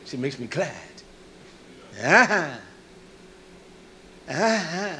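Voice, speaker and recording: A man preaching a sermon, emphatic, rising to shouts and dropping to soft asides. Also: a little high, lively intonation, measured pace, long pauses, slight background noise.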